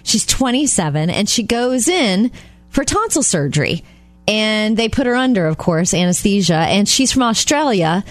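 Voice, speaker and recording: A woman co-hosting a casual talk show, chatty and quick to laugh as she tells stories. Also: medium pitch, sing-song, dry recording, soft background music. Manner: chatty, laughs often, storytelling. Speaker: radio show co-host. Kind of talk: casual morning show banter.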